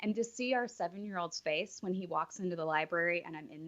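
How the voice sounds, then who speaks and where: A woman in her thirties, a podcast guest, talking in an earnest, reflective way with halting restarts. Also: on the low side, fairly bright tone, muffled recording. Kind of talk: casual interview chat.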